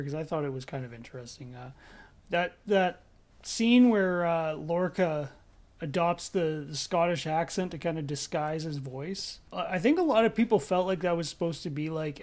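A man's voice: on the high side, darkish tone. A man chatting casually as a podcast co-host, talking in a hesitant way with many fillers. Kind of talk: casual chat.

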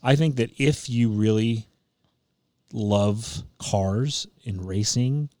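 A man's voice: on the low side, slow pace, a little mellow, no echo, clean studio sound. A man co-hosting a podcast, giving emphatic, opinionated views on a movie in casual chat. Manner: opinionated, emphatic, frequent restarts. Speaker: podcast co-host.

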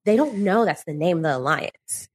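A woman's voice: on the low side, expressive, moderate pace, slightly rough. A woman co-hosting a podcast, chatting casually with frequent laughter and exasperated remarks. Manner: laughs often, exasperated commentary. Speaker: podcast co-host. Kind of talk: casual recap chat.

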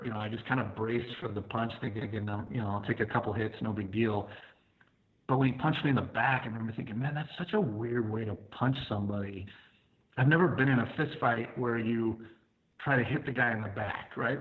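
A man telling a personal story in a conversational way, with fillers, acting out his own thoughts. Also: fairly low pitch. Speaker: podcast guest, firefighter telling his story. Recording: tinny phone-like line.

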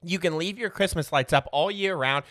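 A man's voice: on the high side, moderate pace, fairly bright tone. A man in his forties telling a rambling, profane childhood story in a casual comedic way, laughing often.

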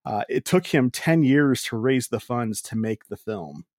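Brief: male co-host, steady middle voice, matter-of-fact, corrects his friends. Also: medium pitch, unhurried, no echo, studio quality. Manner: matter-of-fact, corrects others, reads trivia. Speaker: podcast co-host. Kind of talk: casual comedic movie review chat.

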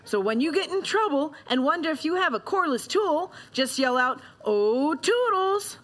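A woman's voice: high-pitched, lively intonation, brisk, fairly bright tone. A woman voicing a cheerful talking helper gadget in a comedy bit, announcing items in a jokey sing-song way. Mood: bubbly.

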